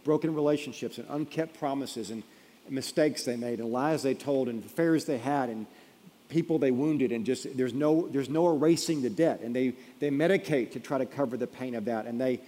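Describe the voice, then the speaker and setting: A man preaching a sermon in a mellow, dark voice, building to loud emphatic peaks before falling to a hush. His voice rings out through a large hall with a long reverb tail. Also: mid-range voice, moderate pace. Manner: storytelling, building to emphatic peaks then dropping quiet. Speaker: pastor.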